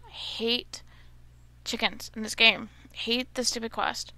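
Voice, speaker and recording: A woman's voice: fairly high pitch, flat delivery, measured pace, bright, forceful tone, no echo, whispered. A young woman chatting casually while playing a game at home, grumbling and easily exasperated. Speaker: gamer. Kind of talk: casual gameplay commentary.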